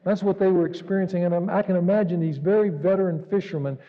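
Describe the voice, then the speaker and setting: Give me a man pastor preaching with drama, slightly high-pitched, in a long-reverb sanctuary. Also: fairly even intonation, fast. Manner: earnest and dramatic, swinging from raised to hushed. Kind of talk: sermon. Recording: dull recording in a reverberant hall.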